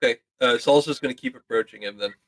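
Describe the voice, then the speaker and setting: A man playing a tabletop game, stating his character's moves quickly and matter-of-factly. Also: medium pitch, fairly bright tone. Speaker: player. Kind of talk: casual tabletop play.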